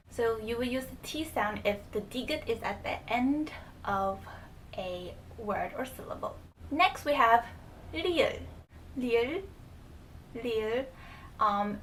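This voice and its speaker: A woman's voice: on the high side, fairly bright tone. A young woman teaching a casual lesson, explaining patiently, repeating example words and using casual fillers. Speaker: language teacher. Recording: distant mic with faint room noise.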